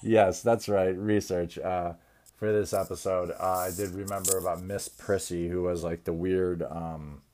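A man hosting a podcast in a crude, rambling comedic rant, swearing constantly and often trailing off into low mumbles. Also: fairly even intonation, measured pace, dark tone, slight background noise. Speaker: podcast host.

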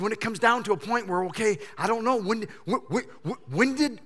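A man pastor preaching a sermon in a church sanctuary, animated and swinging between loud shouting and hushed intensity. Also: high-pitched, brisk, hardly any pauses. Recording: long church-hall reverb.

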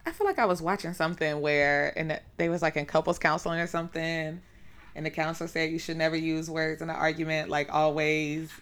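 A woman, co-hosting a podcast in relaxed casual chat and laughing often. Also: sits low, fairly quick, clean tone. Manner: laid-back, laughs often. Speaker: podcast co-host.

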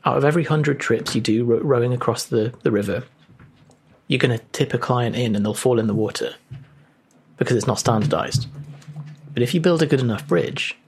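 A man's voice: mid-range voice, fairly quick, gravelly, slight background noise. A man co-hosting a podcast, chatting casually in an earnest way and thinking aloud with hesitant restarts. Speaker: podcast co-host. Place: at home, remote call.

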